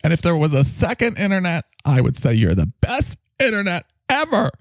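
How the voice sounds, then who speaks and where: A man voicing a cocky, needy male talking microphone that swoops in pitch and bursts into shouts. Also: huge pitch swings, a little fast, no room sound, studio quality, heavily acted. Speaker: podcast co-host character. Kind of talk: improvised comedy bit.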